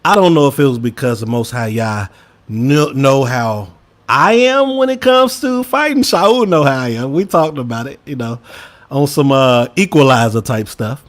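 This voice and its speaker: This emphatic podcast co-host from Chicago talks at normal speed with an expressive voice. In his casual opinion commentary he lurches from loud outbursts to quiet muttering, addressing listeners directly as y'all.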